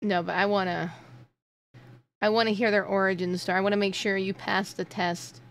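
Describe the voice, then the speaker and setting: A woman playing a game role-play who teases her host with mock suspicion and a deadpan delivery. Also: mid-range voice, normal speed. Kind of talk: casual role-play chat while gaming.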